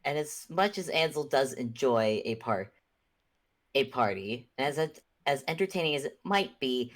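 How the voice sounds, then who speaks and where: Very low-voiced woman player. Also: animated, moderate pace. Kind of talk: casual chat.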